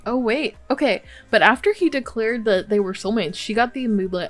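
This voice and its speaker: A woman's voice: mid-range voice, normal speed, hardly any pauses, soft background music. A woman hosting a Let's Play, giving casual, chatty gameplay commentary full of exclamations and laughter.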